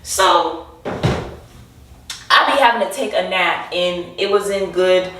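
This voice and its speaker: A woman's voice: on the low side, slow pace, fairly bright tone, slight background noise. A young woman, a college student, chatting playfully to her viewers in a casual vlog, filming herself on a handheld phone outdoors and in a car. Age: young adult. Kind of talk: casual vlog chat to camera. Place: outdoors on a windy day, then in a car.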